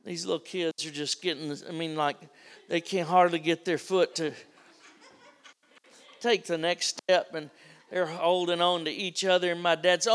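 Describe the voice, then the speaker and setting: A man's voice: high voice, steady tone, unhurried, long pauses, a bit bright. An older man preaching a sermon, telling a family story and acting out the voices of the people in it.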